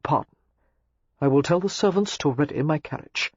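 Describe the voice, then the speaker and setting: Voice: medium pitch, normal speed, husky, no echo, muffled recording, lightly acted. A narrator voicing an arrogant, commanding English earl in an audiobook, speaking curtly and with authority. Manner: curt and authoritative. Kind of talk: audiobook character reading.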